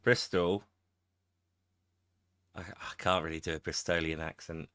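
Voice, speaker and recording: Bright-voiced man streaming a game. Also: low voice, steady tone, measured pace, no echo, clean studio sound. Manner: chatty, jokey, reacts aloud to the game. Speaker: gaming streamer. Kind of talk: casual gameplay commentary.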